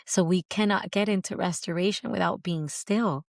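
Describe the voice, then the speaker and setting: Lady host doing a reflective faith talk, kinda low voice, earnest and repetitive, dry sound. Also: normal speed, vocal fry, a little mellow, dry recording. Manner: earnest, repetitive emphasis, quotes scripture. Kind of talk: reflective spoken teaching.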